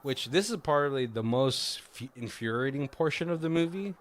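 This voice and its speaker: A man's voice: medium pitch, lively intonation, moderate pace, a little hiss or hum. A man casually recapping a movie plot on a podcast, rambling with lots of fillers and self-corrections. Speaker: podcast co-host.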